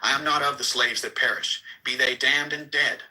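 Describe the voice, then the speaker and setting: A man giving a solemn, declamatory reading of an archaic scripture, slow and measured with sudden quicker bursts. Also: mid-range voice, bright, forceful tone, low-quality recording. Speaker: reader.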